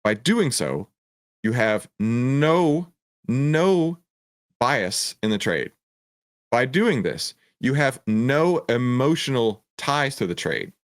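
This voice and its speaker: Speaking slowly in a sing-song, mid-range voice, a middle-aged trading educator leads a lesson on a stock chart. His energetic delivery turns preachy and emphatic, full of rhetorical questions and recurring phrases, and the studio-quality audio has no echo.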